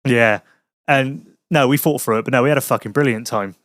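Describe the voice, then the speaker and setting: A man's voice: medium pitch, fairly quick, fairly bright tone, no room sound, studio quality. A man telling a crude anecdote on a podcast, swearing a lot and laughing at his own story in casual chat. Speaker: podcast host.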